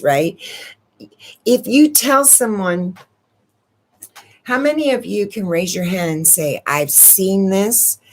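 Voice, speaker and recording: Woman, spiritual talk, unhurried and conversational, rhetorical questions, slow pace, lowish voice, slight sniffle. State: sniffling from allergy medicine. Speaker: channel host.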